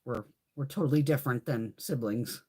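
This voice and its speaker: A middle-aged woman hosting a casual live chat, telling stories in a profane, animated way and laughing often. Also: extremely low pitch, moderate pace, husky. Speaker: livestream host.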